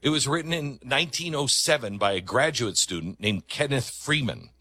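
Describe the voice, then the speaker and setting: A man hosting a commentary monologue, speaking emphatically and conversationally with dramatic pauses. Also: medium pitch, lively intonation, sharp tone, breathy edge. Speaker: talk show host.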